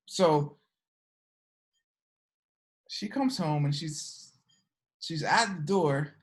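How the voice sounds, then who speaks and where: A woman's voice: deep voice, lively intonation, slow, long pauses. A woman teaching a class, telling a story and checking in with her students with frequent "okay?" questions. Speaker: teacher of an energy work class.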